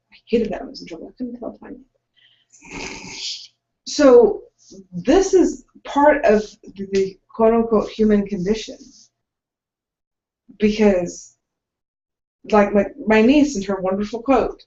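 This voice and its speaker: A woman's voice: mid-range voice, a little slow, long pauses, a little mellow. Chatty woman in an echoey room. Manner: chatty, tangential, jumps in with asides. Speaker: podcast co-host. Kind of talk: casual discussion. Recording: echoey, dull lo-fi room sound.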